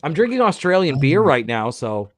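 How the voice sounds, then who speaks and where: A man's voice: on the high side, sing-song, moderate pace. A man trading sarcastic, teasing remarks in crude podcast banter.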